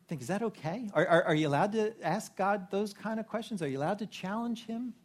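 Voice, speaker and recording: Man, sermon, pastor, conversational preaching, rhetorical questions, fairly high pitch. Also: fairly quick.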